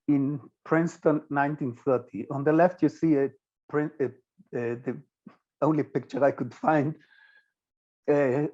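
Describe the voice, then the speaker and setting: An older man with an Israeli accent giving a physics lecture, pausing often with fillers and restarts. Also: medium pitch, a little mellow, highs cut off. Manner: hesitant, many filler sounds and restarts. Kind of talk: recorded lecture with slides.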